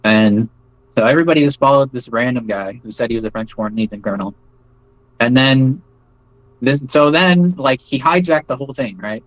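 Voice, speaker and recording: A man's voice: medium pitch, normal speed, dry recording, low-quality recording. A man recounting his own experiences in a loose, casual way, full of fillers and "right?" tag questions. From United States. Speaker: veteran telling his story. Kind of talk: casual first-person storytelling.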